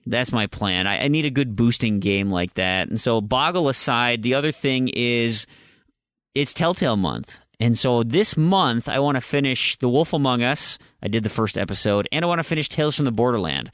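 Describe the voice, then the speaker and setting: A man's voice: mid-range voice, expressive, moderate pace, a bit bright, no room sound, clean studio sound. A man co-hosting a podcast, telling long rambling stories in casual chat with frequent restarts. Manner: rambling, long-winded storyteller with many restarts. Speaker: podcast co-host.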